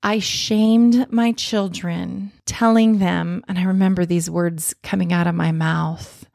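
Low gravelly-voiced mom telling her story. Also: steady tone, slow, hardly any pauses, darkish tone, dry recording, studio quality. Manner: earnest, self-reflective. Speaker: mother telling a personal story. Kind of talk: candid confessional storytelling.

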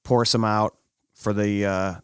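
A man in his thirties chatting on a podcast, telling jokey stories about his kids with lively put-on quotes. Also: on the low side, measured pace, clean tone, no room sound, studio quality. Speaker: podcast co-host. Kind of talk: casual chat.

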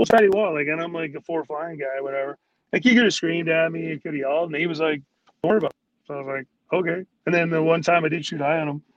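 A former pro hockey player, appearing as a guest, tells stories in a rambling manner, packed with "like"s and acted-out quotes from teammates. His voice is a little high, and the recording quality is poor.

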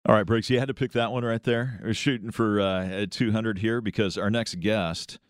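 A man with a very deep, low voice co-hosting a morning radio show, easygoing and quick to chuckle. His voice is recorded close and dry. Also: fairly even intonation, dry recording. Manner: easygoing, chuckles and reacts with short replies. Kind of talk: casual radio chat.

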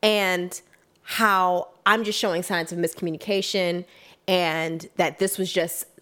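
A young woman recounts a workplace story in relaxed, casual conversation. She talks with emphatic, animated delivery and slips into quoting herself and others as she goes. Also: lowish voice, measured pace. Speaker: guest telling a work story.

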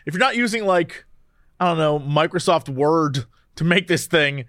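A woman's voice: sits low, lively intonation, moderate pace, fairly bright tone, dry recording, studio quality. A woman co-hosting a podcast in casual chat, rambling and trailing off mid-thought. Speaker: podcast co-host.

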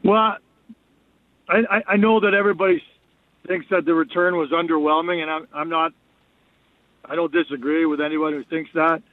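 A man's voice: fairly high pitch, fairly even intonation, moderate pace, long pauses, dry recording. A man calling in as a guest analyst on a sports radio show, talking candidly and often repeating words as he restarts. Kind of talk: casual sports radio chat. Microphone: phone. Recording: tinny phone line.

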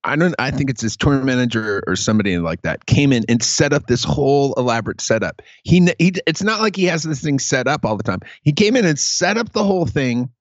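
Podcast co-host, man, frank and sweary, animated, slightly lo-fi dry sound. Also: medium pitch, a little fast, few pauses, no room sound. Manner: frank, swears, stammering restarts. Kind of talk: casual chat.

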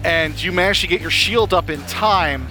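A man's voice: high voice, moderate pace, sharp tone, soft background music. A man as game master narrating a tabletop game in a rambling style full of fillers.

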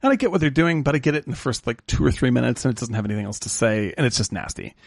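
This man's talk swings all over, with plenty of laughs and restarts as he chats about films. His voice is husky and gravelly, with little pitch held steady. The sound is dry and close. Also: very fast, dry recording. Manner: animated, laughs often, many restarts. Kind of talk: casual film-review chat.

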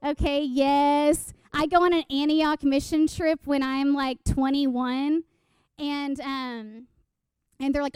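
A woman giving an animated personal testimony sermon, telling stories with quoted asides and questions to the audience. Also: sits high, takes it slowly, dry recording, clean studio sound. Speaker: speaker at a church gathering.

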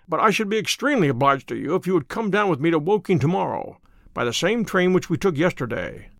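A man reading the part of a composed, sharp detective in an audiobook, measured and precise. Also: a little high, sing-song, gravelly, no room sound, clean studio sound, full character voice. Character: sharp, calm male detective.

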